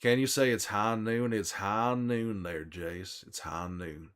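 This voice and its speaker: A man with a lowish, smooth, fairly bright voice speaks slowly while playing a character on a livestream: a weary, middle-aged male survivor. Using a put-on drawl, he chats with viewers in a folksy, easygoing way.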